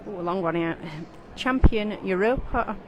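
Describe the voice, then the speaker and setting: A woman's voice: medium pitch, moderate pace, muffled recording, background noise. A woman with a Sheffield accent, commenting from the ringside and reading out dog numbers and owners' names in a casual way. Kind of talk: live dog show commentary.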